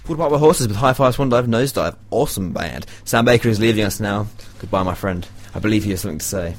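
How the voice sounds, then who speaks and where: A man's voice: on the low side, fast, soft background music. A man hosting a casual radio show, chatty and laughing often, with rambling asides. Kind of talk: casual student radio chat.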